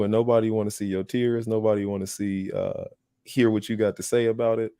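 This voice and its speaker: Laughing, storytelling man with a mellow voice. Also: lowish voice, fairly quick, dry recording, studio quality. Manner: animated, laughs often, acts out quoted voices. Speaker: podcast host. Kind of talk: casual storytelling.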